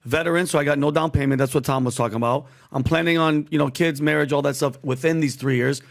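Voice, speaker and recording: A man asking the panel for advice, speaking haltingly with frequent restarts. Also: a little high, fairly even intonation, creaky. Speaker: audience member asking advice. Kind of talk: casual question.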